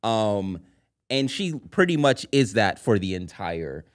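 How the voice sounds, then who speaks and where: A man co-hosting a podcast, talking about movies in a rambling, halting way with casual swearing. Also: lowish voice, big pitch swings, dry recording, studio quality. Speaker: podcast co-host.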